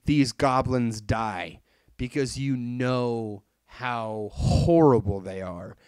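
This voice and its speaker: Male podcast host, mid pitch, rambling and expletive-heavy, dead-dry room. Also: dry recording. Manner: animated, swears freely, rambling retelling. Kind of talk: casual chat reviewing an anime.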